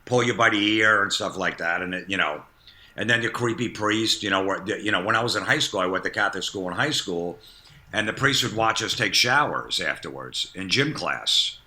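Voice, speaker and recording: A man's voice: fairly low pitch, normal speed, bright, forceful tone. A man in his fifties, a comedian guest, telling blunt stories in casual podcast chat and laughing at himself.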